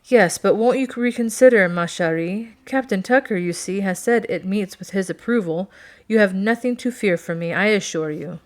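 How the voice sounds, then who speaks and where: A woman reading aloud, voicing a charming, amused male duke with a smooth, teasing manner. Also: mid-range voice, lively intonation, moderate pace, hardly any pauses, lightly acted. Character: charming sly male duke, French-tinged.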